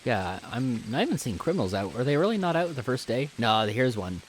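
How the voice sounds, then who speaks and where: A man's voice: mid-range voice, big pitch swings, fairly quick, slight background noise. A man doing casual live game commentary, chatty and jokey, thinking aloud as he plays into a desk microphone. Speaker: streamer.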